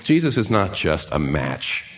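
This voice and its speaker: A man preaching a sermon, conversational and emphatic, with pitch that swings up and down as he stresses his points. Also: big pitch swings, measured pace. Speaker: pastor.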